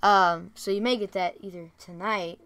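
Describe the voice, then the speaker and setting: A woman co-hosting a relaxed podcast from her bedroom, talking in loose, rambling stretches full of fillers and self-corrections. Her voice is smooth and clean. The sound is dry and close, with almost no room echo. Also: mid-range voice, normal speed. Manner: rambling, many fillers and restarts. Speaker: co-host and game developer. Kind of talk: casual podcast chat.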